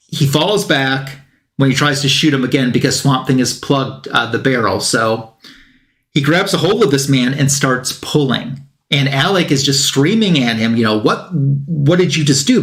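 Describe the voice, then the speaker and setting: A man's voice: mid-range voice, fairly bright tone. Man casually retelling a comic plot. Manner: loose retelling with many fillers and restarts, quick lines when quoting characters. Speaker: comic book reviewer. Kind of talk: casual comic recap, reading dialogue aloud.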